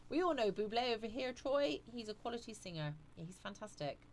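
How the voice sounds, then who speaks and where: A woman's voice: on the high side, expressive, a little fast. Chatty woman reading live chat. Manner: chatty, reads viewer comments aloud. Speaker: live stream host.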